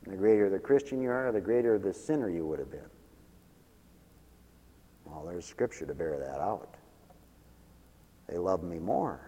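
Man preaching a sermon, goes from hushed to loud, chuckles between points, long echo tail. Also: low voice, lively intonation, a little slow, long pauses, husky. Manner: impassioned, swinging from hushed to loud. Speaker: pastor. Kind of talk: radio sermon.

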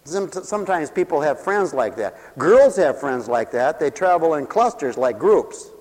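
A man preaching a comic, theatrical sermon, dropping to hushed asides and then shouting as he acts out little scenes. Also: a little high, sing-song, normal speed, long reverb tail.

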